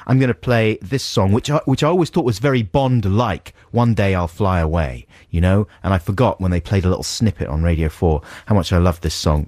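A man's voice: fairly low pitch, darkish tone, no echo, clean studio sound. A man co-hosting a radio show, chatting in a playful, teasing way. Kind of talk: casual on-air banter. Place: radio studio.

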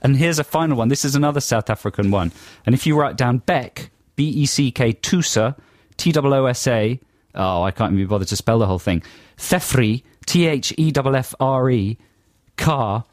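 A man co-hosting a radio show, chatting in quick, animated banter and laughing often. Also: medium pitch, no echo, studio quality. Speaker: radio co-host.

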